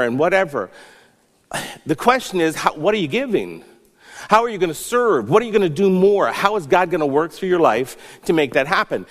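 A man's voice: sits high, sing-song, normal speed, big-room sound. A man preaching a sermon as a pastor, earnest, rising and falling for emphasis.

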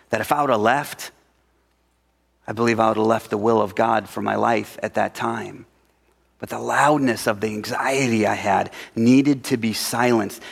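A middle-aged male pastor preaching a sermon, swinging between loud emphatic lines and hushed whispers. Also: fairly low pitch, gravelly. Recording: reverberant hall.

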